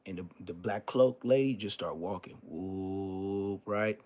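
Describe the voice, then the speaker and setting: A man's voice: low-pitched, takes it slowly, a little mellow. A man telling a story on a casual live stream, profane and emphatic, repeating street oaths.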